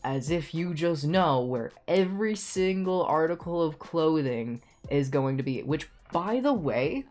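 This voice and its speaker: A young man streaming a game, telling an animated story in a casual rant full of swearing. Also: fairly high pitch, a little slow, soft background music.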